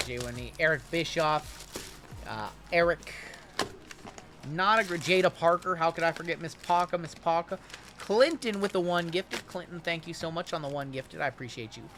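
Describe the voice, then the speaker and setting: A man hosting a trading card break livestream, chatting casually and answering viewer questions as he opens packs. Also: on the high side.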